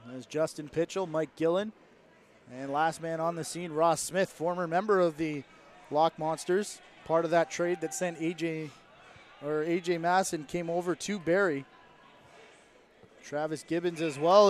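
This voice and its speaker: Male play-by-play caller, fast and lively, a touch higher than most men. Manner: rapid play-by-play, rising with the action. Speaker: play-by-play commentator. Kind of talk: sports commentary.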